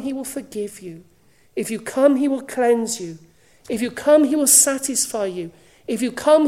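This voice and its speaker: Woman preacher, measured sermon delivery, somewhat high, mellow tone. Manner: earnest, drops to a hushed voice for quoted invitations.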